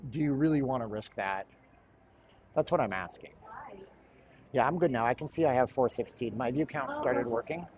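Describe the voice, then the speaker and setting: A man's voice: mid-range voice, noisy background. A middle-aged man giving chatty, rambling live commentary while walking indoors, with jokey asides. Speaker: livestream host.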